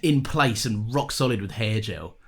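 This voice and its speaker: A man's voice: fairly low pitch, animated, moderate pace, a bit bright. A man co-hosting a podcast in casual chat, rambling and joking, with casual swearing. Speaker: podcast co-host.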